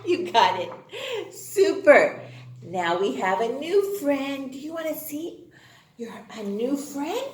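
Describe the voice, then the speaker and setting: A woman teaching a young children's phonics class in a slow, exaggerated sing-song manner, with excited gasps. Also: a little high. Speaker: kindergarten teacher. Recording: echoey room.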